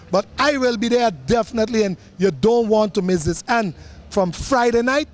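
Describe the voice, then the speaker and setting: High-voiced man, jokey and excitable, hyping an event. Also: a little hiss or hum. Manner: jokey, excitable, quick laughs. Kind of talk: excited promo chat.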